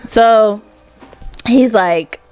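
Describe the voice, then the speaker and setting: Young woman telling lively family stories. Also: a little high, very slow, clean tone, soft background music. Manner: animated, quotes family members in dialogue. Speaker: interview guest. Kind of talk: casual storytelling.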